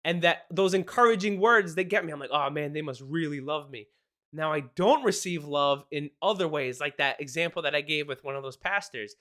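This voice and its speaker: A man hosting a casual advice show, his voice sitting high and sounding bright and forward. He talks quickly and excitedly and laughs often as he explains. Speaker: podcast host. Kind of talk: casual marriage advice talk.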